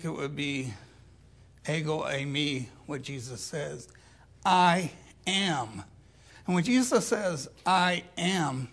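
Slow, gravelly older preacher. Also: male voice, on the high side. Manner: slow, deliberate, dropping to quiet asides. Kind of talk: sermon.

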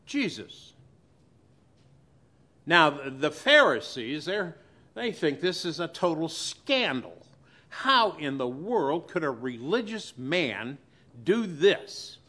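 A male pastor preaching a sermon to his church. He pauses dramatically and swings between loud and hushed delivery. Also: on the high side, big pitch swings.

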